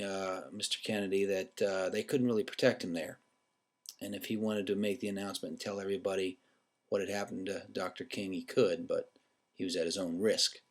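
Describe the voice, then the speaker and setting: A man vlogging casually to his viewers, candid and loose, telling a personal story with the odd swear word. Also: fairly low pitch.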